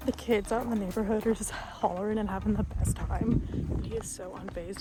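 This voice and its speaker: A woman's voice: mid-range voice, fairly even intonation, brisk. Woman vlogging about her ride, chatty n self-mocking, music playing behind. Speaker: horse rider vlogger. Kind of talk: casual vlog narration.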